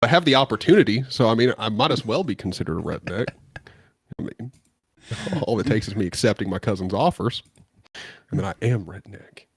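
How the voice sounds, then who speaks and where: A man's voice: lowish voice, animated, a little fast, husky, dry recording, studio quality. A man co-hosting a podcast in a casual chat, rambling and poking fun at himself. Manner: rambling, self-deprecating. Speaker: podcast co-host.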